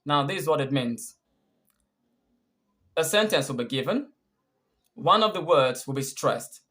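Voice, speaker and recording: A man with a Nigerian English accent, teaching a scripted pronunciation lesson as a coach, explaining deliberately and quizzing the listener. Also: a little high, expressive, pushed and bright. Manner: clear, deliberate explanations with repeated quiz questions.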